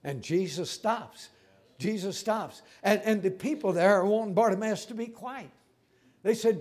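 A preacher man with a high, ringing voice. He delivers his sermon in a folksy, emphatic way, repeating phrases and stumbling into quick restarts. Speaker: pastor.

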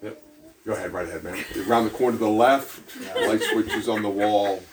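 A man's voice: fairly low pitch, brisk. A man preaching a sermon in a church, talking conversationally and putting questions to the congregation. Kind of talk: sermon with a storytelling aside. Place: church hall. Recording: echoey hall, mic at a distance, faint noise.

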